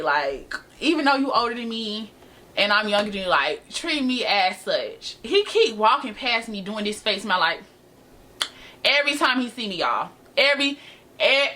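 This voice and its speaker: Using a sharp, mid-range voice, an eighteen-year-old woman recounts a sassy, dramatic story in a casual chat aimed right at her viewers. The camera's built-in microphone captures it.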